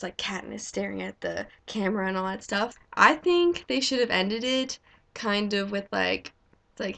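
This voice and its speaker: A young woman in casual chat, reviewing a film in an excited, gushing way with lots of "like". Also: on the high side. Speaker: vlogger reviewing a movie.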